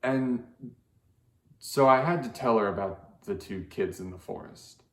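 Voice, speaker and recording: A man's voice: medium pitch, measured pace, a bit bright. Hesitant man in a roomy space. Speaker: auditioning performer. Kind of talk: deadpan comic monologue.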